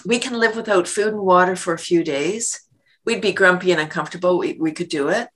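A woman being interviewed who laughs often and acts out quick little scenes as she talks. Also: fairly low pitch, fairly bright tone. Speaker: guest, laughter yoga leader and worm business owner. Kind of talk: enthusiastic interview talk.

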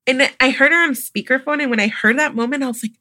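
Young woman guest, lively storyteller who mimics others, slightly high voice, dry close mic. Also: quick pace, no echo. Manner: animated, acts out quoted voices, laughs often. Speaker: podcast guest, midwife. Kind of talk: casual storytelling.

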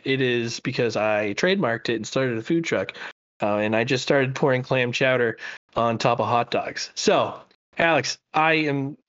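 A man's voice: mid-range voice, a bit bright, dull audio. A man co-hosting a podcast, chatting casually and enthusiastically with lots of fillers and restarts. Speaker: podcast co-host.

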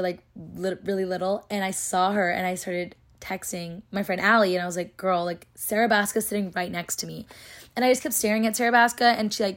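Young woman, late teens to early twenties, vlogger, fast, chatty, filler-heavy delivery. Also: medium pitch. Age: young adult. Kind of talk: casual storytelling vlog.

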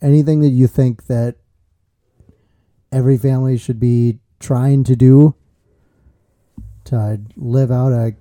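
A man's voice: mid-range voice, steady tone, takes it slowly, long pauses, warm tone, dry recording. A man co-hosting a podcast, joking and affirming with frequent "yeah" and "sure". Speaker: podcast co-host. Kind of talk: casual chat.

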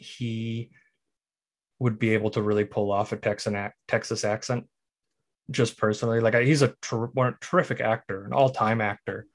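A man's voice: fairly low pitch, fairly even intonation, moderate pace. A man co-hosting a podcast who casually talks through a film and sets up its clips. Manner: explains plot and sets up clips. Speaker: podcast co-host.

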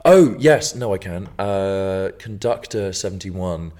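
Male co-host, very low voice, laid-back and sweary, laughs often. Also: expressive, slow pace, darkish tone. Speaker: podcast co-host. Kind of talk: casual chat.

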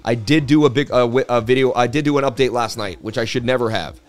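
A man's voice: medium pitch, fast, faint music behind. A middle-aged man hosting a casual crypto live stream, chatty, with a sports-presenter delivery. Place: traveling.

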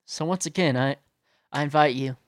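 A man's voice: on the high side, moderate pace, dry recording, studio quality. A young man telling a story in a casual, profane rant full of fillers. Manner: profane, animated, many fillers.

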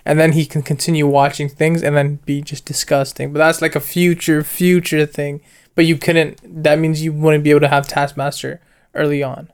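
As a film-review co-host, a young man speaks at a moderate pace with a smooth, fairly high voice. His casual chat wanders as he animatedly recounts scenes, leaning heavily on slang.

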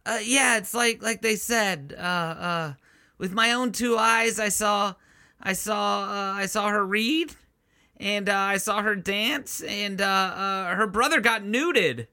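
A man's voice: high voice, slow, bright, forceful tone, pitched above the performer's own voice, full character voice. A man voicing a weaselly, awkward young man who nervously stammers through his testimony in a comic story. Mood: nervous rambling. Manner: stammering, hesitant, rambling. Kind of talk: comedic improvised storytelling.

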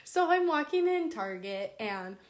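With slight noise in the background, a young woman recounts an embarrassing moment in a casual chat. Her voice sits fairly high and moves at a measured pace, and she swears freely while animatedly acting out the things she said.

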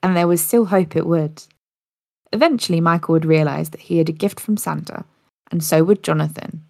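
Woman, storyteller, casual narration, gravelly voice, dry close sound. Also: low-pitched, a little fast, a little mellow, no room sound. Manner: casual, occasional slips and restarts. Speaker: podcast storyteller.

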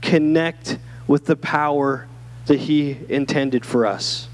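A man's voice: fairly high pitch, fairly even intonation, slow pace, a little hiss or hum. A male pastor preaching a sermon in a conversational way, often checking in with his listeners through rhetorical questions. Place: church.

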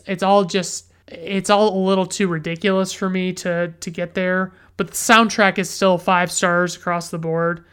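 A woman's voice: fairly low pitch, a bit bright, clean tone. A woman hosting a casual movie review show, rambling and restarting her sentences, blunt and swearing freely. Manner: rambling, frequent restarts and profanity, blunt opinions.

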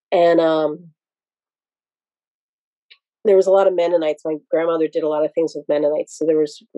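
A woman's voice: low voice, dark tone, no echo, rough recording. A woman from Pennsylvania, a podcast guest, telling casual stories in a rambling, digressive way with many restarts. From Pennsylvania, USA. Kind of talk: casual interview storytelling.

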